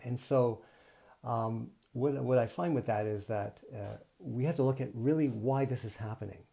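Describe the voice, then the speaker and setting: A man with a gravelly, mellow voice gives a live motivational talk. He speaks earnestly and plainly, circling back over his points like a coach guiding listeners. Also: medium pitch, moderate pace. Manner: earnest, repetitive, teacherly. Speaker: self-help coach. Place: home, streaming live online.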